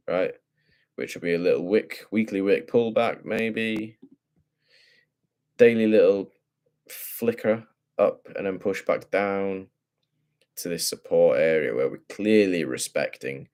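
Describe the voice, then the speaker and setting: Low-voiced man breaking down charts. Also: a little mellow. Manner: profane, slangy, thinking aloud. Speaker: forex trader.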